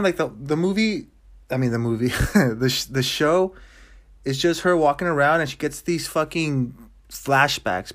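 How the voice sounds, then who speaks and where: Young man, slightly high voice, casual vlog chat, profane, rambling, lots of restarts. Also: fairly bright tone. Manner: profane, loose and rambling, with many restarts and fillers. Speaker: vlogger talking to viewers.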